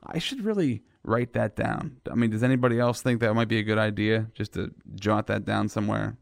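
A man's voice: on the low side, fairly quick, creaky, no room sound, clean studio sound. A man hosting a radio show, joking and rambling in casual chat.

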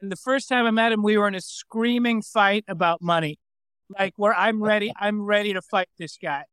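A man's voice: sits high, normal speed, a bit bright, clean tone, no echo. A man, a comedian guest, telling a story in a casual, wry way.

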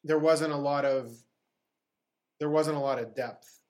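Pittsburgh guy, actor on a podcast, a bit higher voice, animated storyteller, laughs a lot. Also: a little slow. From Pittsburgh, USA. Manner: animated anecdotes, acts out dialogue, laughs often. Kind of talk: casual storytelling interview.

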